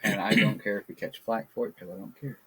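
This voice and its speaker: A man's voice: fairly low pitch, fairly even intonation, fast talker, bright, forceful tone. A man co-hosting a casual podcast, talking bluntly and ranting, swearing freely. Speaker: podcast co-host. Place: backyard. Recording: poor audio.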